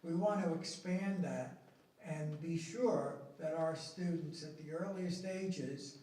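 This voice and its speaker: A middle-aged man presenting policy at a school board meeting, slow and emphatic, stressing key words. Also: on the high side, warm tone. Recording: echoey meeting room from far off.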